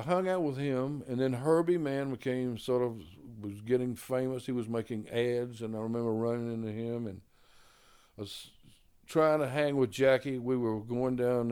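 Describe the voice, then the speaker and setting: A man's voice: steady tone, moderate pace, a little mellow, clear, resonant tone. An older man, a jazz musician, casually telling long stories about his early days, full of "you know" and "man", acting out the people he quotes. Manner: acts out others' quoted lines with raised pitch. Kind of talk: casual storytelling.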